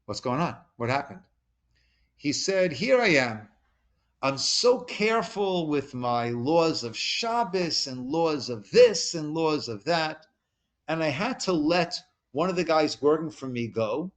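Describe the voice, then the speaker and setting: A man's voice: a little high, animated, slow. A man who is a rabbi, giving an informal lesson to a small group in a conversational way, asking them questions and retelling stories with quoted dialogue. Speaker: rabbi teaching a class. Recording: recorded conference call.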